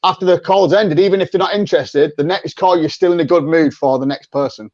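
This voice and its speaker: A man's voice: fairly high pitch, quick pace, a little mellow, dry recording, dull audio. A man, a sales coach talking as a podcast guest in a chatty way, often repeating words as he restarts and acting out sample phone calls. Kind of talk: conversational interview.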